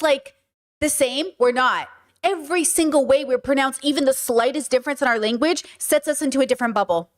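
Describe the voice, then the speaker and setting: A woman's voice: high-pitched, expressive, a little fast. A woman hosting a livestream, chatting casually and animatedly with her chat, often repeating herself. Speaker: livestream host.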